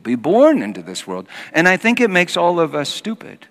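A man preaching a sermon as pastor, telling a personal story and moving from hushed passages to loud acted quotes. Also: a little high, huge pitch swings, normal speed. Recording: long hall reverb.

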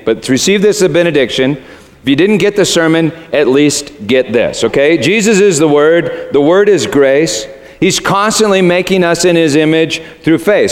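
A man preaching as a pastor, earnest and conversational, with casual fillers. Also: medium pitch. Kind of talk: sermon. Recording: echoey hall.

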